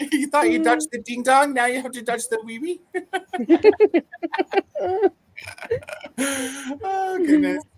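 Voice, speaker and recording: A woman's voice: very slow, long pauses, a crowd in the background. A woman hosting a casual group video chat, laughing often as she talks. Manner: giggly, laughs often, lively pitch. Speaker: livestream host.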